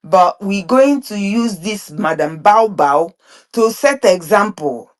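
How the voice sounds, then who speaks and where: A woman's voice: mid-range voice, animated. A woman, speaking earnestly in an online group discussion, often stumbling and repeating words. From Nigeria (Biafran region). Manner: halting, repeats and restarts words; earnest, emphatic. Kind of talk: impassioned spoken commentary.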